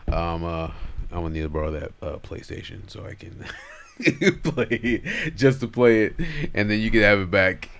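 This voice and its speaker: A man's voice: sits low, expressive, normal speed, gravelly, fairly bright tone, a little hiss or hum. A man co-hosting a podcast, chatting casually and joking with his friend. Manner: laid-back, joking banter. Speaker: podcast co-host. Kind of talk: casual chat.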